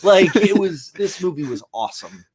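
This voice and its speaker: A man's voice: sits high, sing-song, moderate pace, darkish tone, slightly rough. A young man hosting a casual movie chat, enthusiastic and rambling, with lots of fillers and restarts. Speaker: podcast host.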